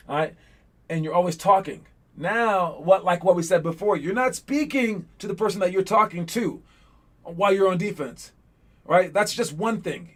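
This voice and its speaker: A young man coaching basketball players through a lesson, animated and often acting out the calls players shout on court. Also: high-pitched.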